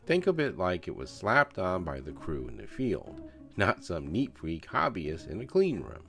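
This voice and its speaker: A man's voice: low-pitched, huge pitch swings, unhurried, creaky, a bit bright, soft background music. A man narrating a scale model build in a voice-over, with joking, self-mocking banter.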